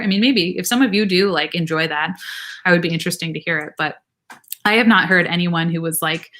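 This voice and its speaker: A woman's voice: on the low side, sharp tone. A young woman hosting a casual livestream Q&A as a nurse practitioner, chatty and rambling with many fillers, reading viewer comments aloud.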